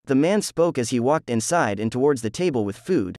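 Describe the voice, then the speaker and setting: A man's voice: medium pitch, animated, a little fast, darkish tone, no echo. Man reading a fan story, dry and close. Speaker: narrator. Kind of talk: scripted narration of a fan story.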